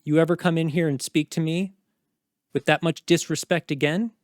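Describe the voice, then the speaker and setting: A man's voice: on the high side, steady tone, moderate pace, no room sound, studio quality, lightly acted. A man voicing a stern, intimidating knight commander who talks down to a subordinate in a cold, threatening way. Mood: stern, menacing.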